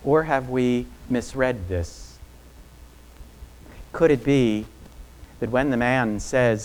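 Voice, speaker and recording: A man's voice: takes it slowly, long pauses. Preaching man asking rhetorical questions. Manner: asks many rhetorical questions, drops low and quiet on key phrases. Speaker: pastor. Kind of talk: sermon.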